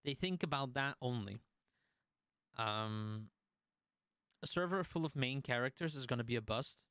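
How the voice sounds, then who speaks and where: A man talks casually on his stream, restarting sentences and swearing now and then. His voice is smooth and clear. It sits in a mid register and sounds close and dry, with no room around it. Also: mid-range voice, expressive, normal speed, fairly bright tone, no room sound. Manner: conversational, restarts and swears while telling a story.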